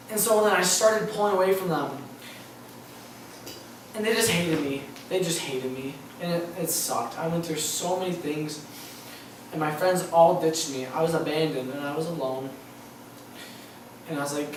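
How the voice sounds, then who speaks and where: A man's voice: sits high, brisk, a bit bright, recorded from a distance, a little hiss or hum. A young man giving an earnest, emotional personal faith testimony, often repeating himself. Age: young adult. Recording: very echoey hall, voice off-mic.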